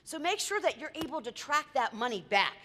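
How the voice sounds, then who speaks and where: Female speaker, high and bright, chatty talk to a meeting crowd, hall reverb. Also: big pitch swings, a little fast. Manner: chatty, quizzes the audience, tells anecdotes. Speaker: event planner giving a talk. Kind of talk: lively presentation to a live audience. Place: meeting room with audience.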